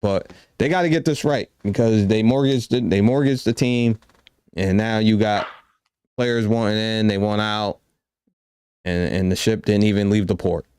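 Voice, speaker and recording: A man co-hosting a sports talk podcast, giving his take in a measured way and thinking aloud. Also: fairly low pitch, darkish tone, clear, resonant tone, dry recording, studio quality. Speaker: podcast co-host. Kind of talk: casual sports debate.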